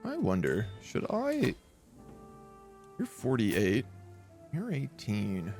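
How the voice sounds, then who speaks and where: A man's voice: medium pitch, wildly swooping pitch, drawn-out words, a little mellow, faint music behind. A man streaming a strategy game, thinking aloud in casual, chatty live commentary.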